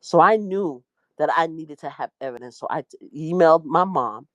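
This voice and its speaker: A middle-aged woman, a media personality, casually breaking down a trial story in a slangy, animated way and jumping into high voices for the quotes. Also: normal speed, dry recording.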